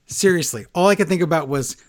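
A man co-hosting a casual wrestling recap, sarcastic and animated, laughing often as he talks. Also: on the high side, quick pace. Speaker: podcast co-host.

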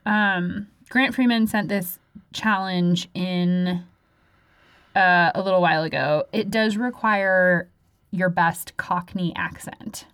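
A woman in her twenties co-hosting a podcast in relaxed, chatty conversation, drawing out her descriptions. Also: fairly low pitch, takes it slowly, clear, resonant tone, dry recording, clean studio sound. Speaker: podcast co-host. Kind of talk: casual chat.

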